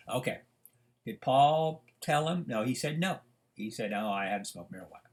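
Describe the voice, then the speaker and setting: An older man teaching a recorded lesson, his pitch sitting in an ordinary middle range. He drifts from one personal story to the next, filling the gaps with ums and uhs. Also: lively intonation, normal speed. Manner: rambling storyteller with many fillers. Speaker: professor. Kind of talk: recorded lecture with anecdotes.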